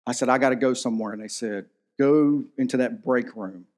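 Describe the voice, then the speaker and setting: A man's voice: mid-range voice, brisk, a little mellow. A man in his thirties preaching a sermon in a church, telling a personal story in an earnest, emotional way. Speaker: pastor.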